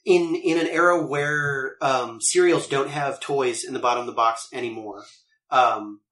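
A man co-hosting a casual podcast, trading animated, joking asides. His mid-pitched voice rings out in a roomy echo. He talks the way friends banter. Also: a little slow. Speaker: podcast co-host. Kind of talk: casual chat.

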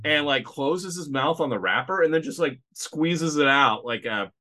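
A man's voice: on the high side, normal speed. Rambling man chatting about a movie. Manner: rambling, animated, many fillers. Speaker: podcast co-host. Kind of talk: casual movie review chat.

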